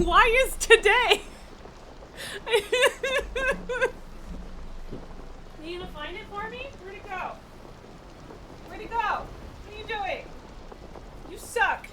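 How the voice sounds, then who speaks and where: A woman streamer with a high, bright voice that swings all over. She talks in an unhurried way, breaking into laughter and cursing at her pet as she chats live from her home setup. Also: animated, slight background noise. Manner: laughs often, swears and scolds her pet. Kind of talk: casual live-stream chat. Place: home streaming room with acoustic foam.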